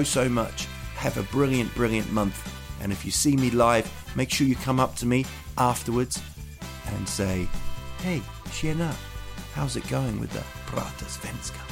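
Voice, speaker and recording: Ranting man hosting a podcast. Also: mid-range voice. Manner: animated, swears, joking asides. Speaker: podcast host. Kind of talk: casual comedic rant.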